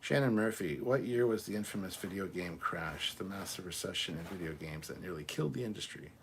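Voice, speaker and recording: Casting note: fairly low male host, casual livestream chat, reads comments and answers offhand, faint hiss behind. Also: lively intonation, brisk. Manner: reads viewer comments aloud, then answers offhand with swearing.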